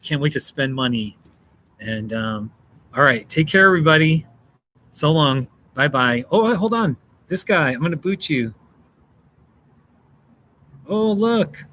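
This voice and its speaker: An American livestream host chats casually with viewers, reading out and answering chat, thanking people by name and laughing often. His voice is medium-pitched and sharp, at a moderate pace, with a little hiss or hum in the audio.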